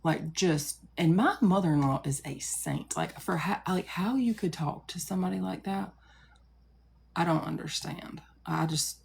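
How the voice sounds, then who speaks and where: A woman's voice: low voice, vocal fry, darkish tone, a little hiss or hum. A woman in her thirties telling a long story casually to a live audience, rambling with many asides and fillers. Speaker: live streamer.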